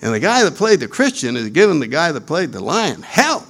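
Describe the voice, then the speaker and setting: A man telling a humorous spiritual story, animated and acting out the voices of his characters. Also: fairly high pitch, brisk.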